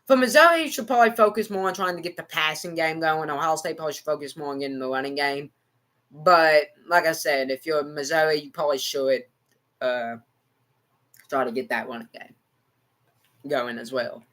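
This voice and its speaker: Here a man with an American country accent reacts to football on a livestream, rambling, repeating himself, and speaking to his chat. His voice is a little high with a sharp tone.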